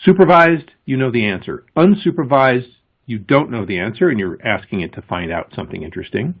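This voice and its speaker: A man giving a conference presentation, explaining with emphasis and pausing before key words. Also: mid-range voice, animated, husky. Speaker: conference speaker. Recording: thin, phone-like lo-fi audio.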